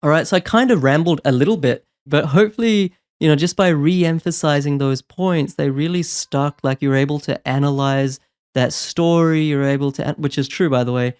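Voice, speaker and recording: A man coaching on property investment, talking in an energetic, persuasive way and often checking in with "right?". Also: fairly high pitch, normal speed, clean tone. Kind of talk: motivational advice talk.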